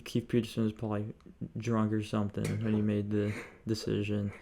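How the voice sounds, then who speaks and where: A man co-hosting a podcast in relaxed casual chat, mostly giving brief replies. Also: lowish voice, a little fast, vocal fry, slight background noise. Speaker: podcast co-host.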